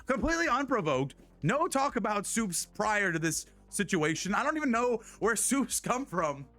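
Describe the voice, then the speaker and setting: A man's voice: high-pitched, sing-song, normal speed, few pauses, sharp tone, soft background music. A young man streaming live and telling a story in casual, rambling chat. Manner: rambling, many restarts and laughs.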